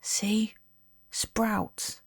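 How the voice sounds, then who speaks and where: A woman's voice: extremely slow, dry recording, whispered, studio quality. A woman voicing a cheeky, chatty young schoolboy in a read-aloud storybook. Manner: chatty, blunt.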